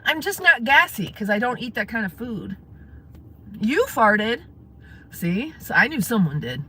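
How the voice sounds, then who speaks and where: A woman's voice: on the high side, big pitch swings, unhurried, bright, forceful tone, a little hiss or hum. A woman live-streaming from her car, chatting casually with viewers and laughing often. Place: in a parked car.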